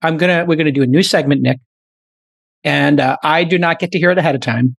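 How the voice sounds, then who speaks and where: A man's voice: fairly high pitch, fast talker, gravelly, no room sound. A middle-aged man hosting a podcast, riffing animatedly with plenty of fillers. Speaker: podcast host. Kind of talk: casual chat.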